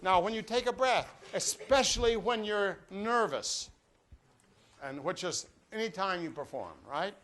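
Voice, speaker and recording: A man's voice: high-pitched, lively intonation, a little slow, fairly bright tone. An older man teaching a brass master class, leading students through breathing exercises with jokes and direct coaching. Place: classroom or rehearsal room with a live audience.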